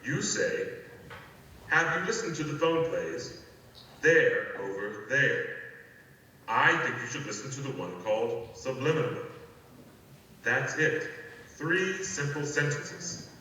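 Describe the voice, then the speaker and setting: A man playing a calm, secretive guide who gives measured, deliberate instructions in a scripted audio play. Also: medium pitch, slight background noise. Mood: calm, instructive. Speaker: phone play narrator. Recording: echoey hall, voice from far off, faint ambience.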